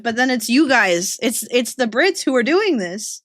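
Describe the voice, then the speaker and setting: A woman streamer chatting casually with her viewers, giggling often and reacting warmly to their messages. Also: high-pitched, very animated, takes it slowly, long pauses, dry recording, clean studio sound. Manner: giggly and chatty, talks to chat.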